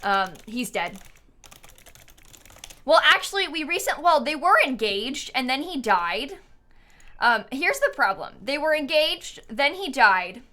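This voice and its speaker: A woman's voice: high-pitched, big pitch swings, a little slow, pushed and bright. A woman from the United States live-streaming a game, chatting casually and rambling, often laughing and answering her chat.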